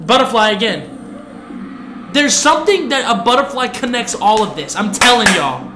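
Young man, high voice, gushing reaction commentary, echoey room. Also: a little slow. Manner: excitable, gushing, slangy, swings from hushed to loud. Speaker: reaction video host. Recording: echoey room with music playing behind.

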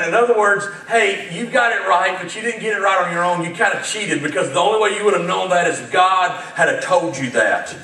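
High-pitched, bright preacher in an echoey church. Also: male voice, a little fast, few pauses. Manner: animated, acts out dialogue, gets fired up. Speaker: pastor. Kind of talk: sermon. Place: church sanctuary. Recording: echoey church sanctuary, mic at a distance.

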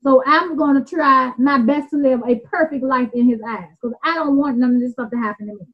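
High-voiced Southern woman teaching scripture. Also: brisk, highs cut off. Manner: earnest, plainspoken, repeats and restarts while explaining words. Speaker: Bible teacher. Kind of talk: informal Bible study teaching.

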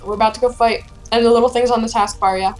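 A woman's voice: fairly high pitch, fairly even intonation, fast, faint music behind. A young woman hosting casual gameplay chat, chatty and helpful as she guides a friend and playfully reads game lines aloud. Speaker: gameplay host guiding a friend.

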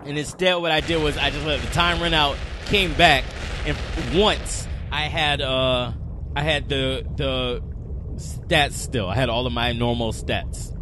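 A let's play host with a mid-range, fairly even, unhurried voice rambles through game commentary, repeating his explanations and swearing at and scolding the enemies on screen. There's noise in the background.

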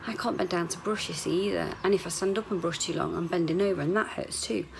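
A woman's voice: lowish voice, fast, creaky, a little hiss or hum. A woman, rambling candidly in a chatty video diary, sometimes swearing. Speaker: vlogger.

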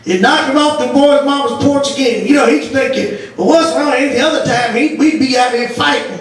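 A woman pastor preaching a sermon, telling stories with laughter and breaking into shouts. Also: high-pitched, fairly quick. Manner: storytelling with laughter, rising to shouts. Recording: echoey church audio from far off.

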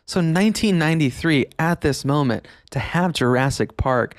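A man's voice: fairly high pitch, animated, moderate pace, no echo, clean studio sound. Enthusiastic man hosting a podcast. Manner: enthusiastic, laughs often, emphatic. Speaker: podcast host. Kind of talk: nostalgic podcast monologue.

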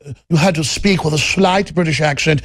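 A man hosting a talk show, ranting in a gravelly, raspy voice and mocking people with put-on voices. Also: on the high side, brisk, dry recording. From Texas.

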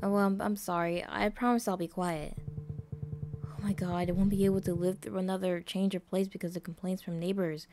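A woman's voice: mid-range voice, little pitch movement, a little fast, music in the background, lightly acted. A woman voicing a nervous, apologetic young male college student in a visual novel. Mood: flustered. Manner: apologetic, flustered.

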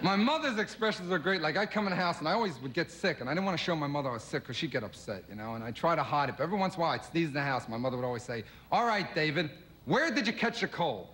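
A man from Philadelphia doing a stand-up routine as a guest comedian, firing off quick observational jokes and quoted voices. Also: on the high side, lively intonation, a bit bright, a little hiss or hum. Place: television studio with audience.

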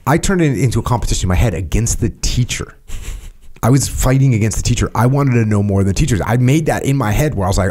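A man's voice: mid-range voice, quick pace. A man on a podcast, telling stories in casual chat and acting out his own quotes with energy. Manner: animated, acts out quotes loudly. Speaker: podcast guest.

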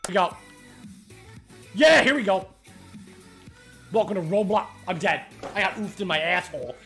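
A gaming streamer doing excitable let's play commentary, swearing a lot and laughing loudly. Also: mid-range voice, moderate pace, creaky, faint music behind.

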